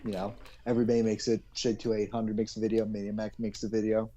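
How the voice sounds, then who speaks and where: A man's voice: lowish voice, level tone, quick pace, warm tone, muffled recording. A young man in casual chat with a friend, rambling, joking and swearing as he acts out a silly cartoon story. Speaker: co-host.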